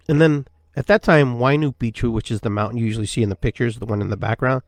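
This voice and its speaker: A male podcast host telling a story in a loose, rambling way, leaning on "you know" again and again. His voice sits at a middle pitch, and the recording is dry and close with no room echo. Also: fairly even intonation, quick pace. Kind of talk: casual personal storytelling.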